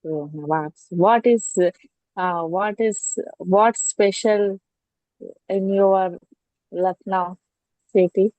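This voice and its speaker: A woman learning English, talking in an online class with many pauses and restarts. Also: mid-range voice, fairly even intonation, warm tone, no echo, poor audio. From India. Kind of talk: English speaking practice. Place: at home. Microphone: online class audio.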